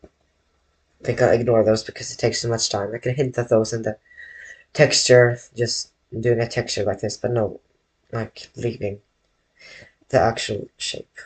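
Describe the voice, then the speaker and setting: Drawing live from his bedroom, this man has a medium-pitched, slightly rough voice that stays level. His live-stream chatter is casual and slow, wandering from point to point as he corrects himself and addresses chat.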